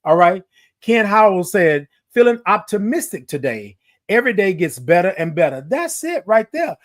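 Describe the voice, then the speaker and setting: A lively man with a high voice hosts a motivational livestream chat. He greets commenters by name with drawn-out hellos and tosses in playful sing-song asides.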